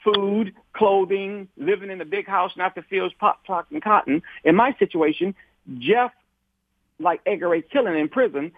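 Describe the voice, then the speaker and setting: A husky, somewhat high-pitched man talking over a tinny, phone-like line with no room echo. He tells his story in a conversational way, stumbling over repeated words and voicing other people's lines as he retells them. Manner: repeats words and restarts often, acts out quoted dialogue. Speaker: civil rights activist guest.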